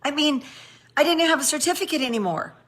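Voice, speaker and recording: A middle-aged woman from the United States giving a motivational training talk, animated and sassy, full of exclamations. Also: high voice, a little fast. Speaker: network marketing trainer.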